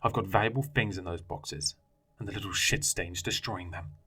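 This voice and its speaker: Angry foster dad shouting and snarling, deep voice, guy doing it. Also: moderate pace, breathy edge, heavily acted. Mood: furious. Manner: roaring, snarling threats. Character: violent, raging foster father, middle-aged man.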